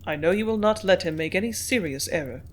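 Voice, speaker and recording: An audiobook reader voicing a measured, business-minded male company manager who speaks in calm, dictating tones. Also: medium pitch, natural voice.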